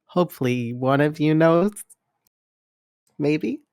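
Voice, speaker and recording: Female tabletop player, unhurried, unsure, muses aloud, dry mic. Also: low voice, animated, darkish tone, no echo. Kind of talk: casual tabletop play.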